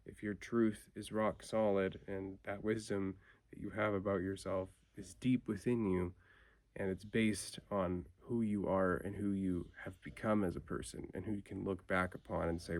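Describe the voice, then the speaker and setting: A man's voice: deep voice, no room sound. A man vlogging late at night, talking in a loose, rambling and reflective way, full of fillers and restarts. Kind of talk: late-night casual talk.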